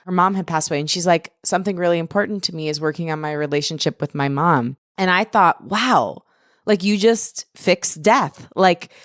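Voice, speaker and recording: A woman hosting a podcast interview, affirming her guest warmly and laughing readily. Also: fairly low pitch, normal speed, dry recording, clean studio sound. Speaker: podcast host. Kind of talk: interview conversation.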